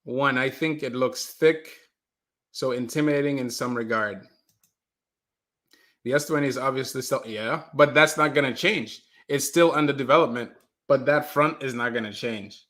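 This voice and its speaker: This livestream host has a mid-range voice and talks at normal speed. His delivery is casual and animated; he repeats himself a lot and reads chat messages from viewers out loud.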